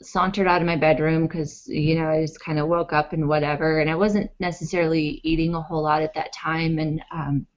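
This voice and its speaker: A woman's voice: low voice, a little fast, hardly any pauses. A woman guest on an interview, telling a personal story in a chatty way, with lots of fillers and acted-out quotes. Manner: animated, acts out quotes, many fillers. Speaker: interview guest, author and blogger. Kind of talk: conversational storytelling. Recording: dull lo-fi audio.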